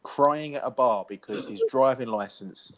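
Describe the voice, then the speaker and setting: A man's voice: mid-range voice, moderate pace, a little hiss or hum. A man hosting a live online panel debate, pressing guests with probing, challenging questions and stammering restarts.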